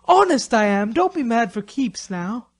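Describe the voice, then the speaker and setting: A woman's voice: a little high, measured pace, close to an everyday voice. A woman voicing a cocky schoolboy in an audio drama, speaking earnestly and apologetically. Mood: pleading. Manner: earnest, pleading.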